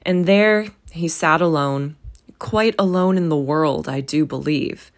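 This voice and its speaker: A woman reading a storybook aloud voices a gentle middle-aged husband who speaks in a soft, conversational way. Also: low-pitched, unhurried. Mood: fond, musing.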